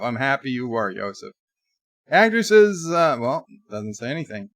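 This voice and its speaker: A man talking casually on a live stream, drifting from one topic to the next and reading out viewer messages. His pitch sits mid-range, and the sound is dry and close with no room echo. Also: big pitch swings, normal speed. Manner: rambling, reads viewer chat aloud, frequent restarts.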